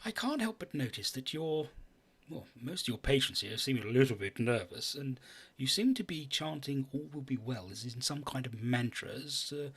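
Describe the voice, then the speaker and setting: A man's voice: mid-range voice, animated, moderate pace, a bit bright, husky. Marlowe, a man playing a courteous adventurer. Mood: probing. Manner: courteous, slightly old-fashioned phrasing. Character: polite, nosy male adventurer.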